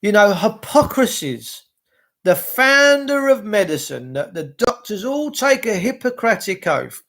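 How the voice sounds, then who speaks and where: A man's voice: sits high, very animated, measured pace, a bit bright. A man, hosting a rambling livestream monologue, ranting and answering viewer comments aloud. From England. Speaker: livestream host. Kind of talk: rambling live-stream monologue.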